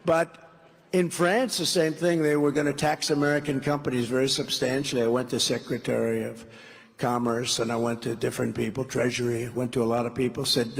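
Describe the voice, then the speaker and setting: At a large rally, a man delivers a rambling, repetitive, off-script campaign speech, acting out dialogue along the way. His medium-pitched voice is creaky with a breathy edge, fairly even in intonation and brisk, set in the long reverb of a big hall.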